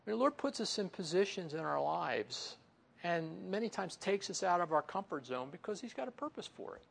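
A man's voice: high voice, big pitch swings, a little fast, creaky, a bit bright, husky. A man preaching a sermon in a conversational way, with many asides and muttered inner voices that he acts out. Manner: conversational, with frequent "you know" asides. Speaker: pastor.

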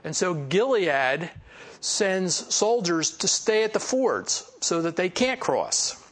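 This high-voiced pastor, from the Philadelphia area and with that region's accent, takes his time teaching a Bible passage slowly. He keeps it relaxed and conversational, with asides and filler words.

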